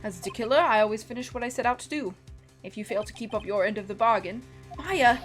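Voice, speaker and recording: A courteous, coolly threatening male assassin speaks in a put-on British accent, as a woman reads him aloud. His manner stays formal and soft-spoken, in a fairly high voice. Faint music plays underneath. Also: fast talker, natural voice. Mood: polite menace. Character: polite, menacing male assassin. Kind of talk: reading game dialogue aloud.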